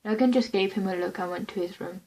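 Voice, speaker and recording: Brief: woman of medium pitch reading her own fan script, plain and unpolished, stumbling now and then. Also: quick pace, a little mellow, low-quality recording. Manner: plain unpolished reading with small slips and restarts.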